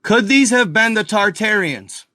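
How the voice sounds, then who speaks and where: This channel host, excitable and prone to rambling, speaks in a drawl and calls viewers guys and y'all during casual live map commentary. His bright, pushed voice is a little higher than average for a man, miked close and dry with no room sound or echo, at a measured pace.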